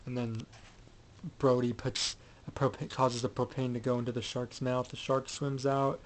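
A man's voice: medium pitch, level tone, normal speed, a little hiss or hum, low-quality recording. Rambling man recapping a film. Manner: rambling, many fillers and restarts. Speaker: film reviewer.

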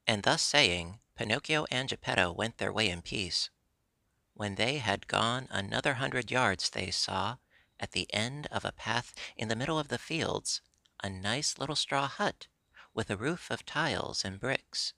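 A man narrating a classic storybook in a steady, measured way. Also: on the low side, creaky, dry recording. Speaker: audiobook narrator.

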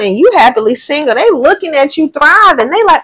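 A tarot reader does a casual reading for a general audience, thinking aloud in lively slang, swearing now and then and often admitting she does not know. She has a high voice and talks fairly quickly with hardly any pauses.

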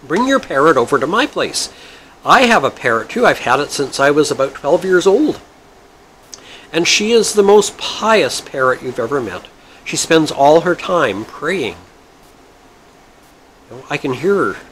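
A man's voice: a little high, sing-song, unhurried, long pauses, fairly bright tone, slight background noise, poor audio. A man voicing an elderly, pious churchgoing woman who talks in a chatty, earnest, homely way.

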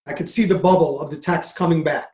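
A man's voice: on the high side, fairly even intonation, fast talker, darkish tone. A middle-aged man, a guest on a podcast, earnestly telling a personal story and acting out past conversations. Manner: earnest, re-enacts conversations in quotes. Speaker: podcast guest, mindset coach. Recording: roomy echo.

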